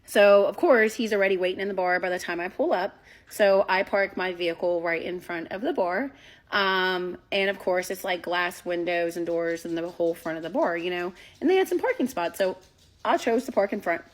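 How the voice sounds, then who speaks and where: A woman telling a story in a casual, animated way, talking straight to her listeners and swearing freely. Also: fairly low pitch, normal speed. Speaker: storyteller recounting a date.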